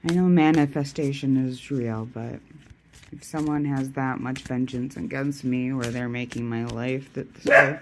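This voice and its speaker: A woman's voice: rumbling low, fairly even intonation, measured pace, background noise. A tired woman chatting casually with viewers while shuffling tarot cards, joking at her own expense and talking to herself. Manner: chatty and self-deprecating, talks to viewers and herself. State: tired, yawning. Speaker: tarot reader streaming live. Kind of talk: casual live-stream chat.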